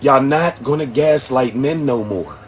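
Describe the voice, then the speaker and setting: A man's voice: medium pitch, animated, unhurried, slightly rough. A man, hosting a livestream and preaching bluntly at his chat. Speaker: livestream host. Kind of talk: ranting livestream commentary. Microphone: streaming setup mic.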